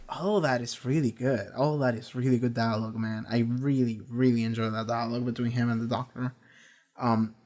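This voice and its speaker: A man in the middle of a casual reaction discussion, his voice sitting at an ordinary mid pitch. He rambles, restarts his sentences and swears freely, and he acts out what the characters said in loose paraphrase. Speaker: reaction channel host.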